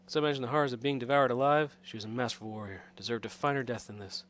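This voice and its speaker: A solemn medieval city lord, grieving and formal, declaiming archaic lines in an exaggerated mock French accent, as a man reads him aloud. The voice sits a little above an ordinary male pitch, and game music plays underneath. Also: fairly even intonation, very fast, fairly bright tone, natural voice. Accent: put-on French. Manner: declaiming read-aloud dialogue.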